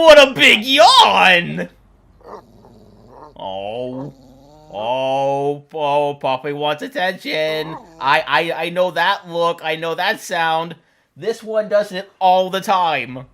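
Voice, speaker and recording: A woman's voice: deep voice, fairly bright tone. A woman hosting a reaction video, exclaiming, cooing and laughing as she comments on funny animal clips. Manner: laughs often.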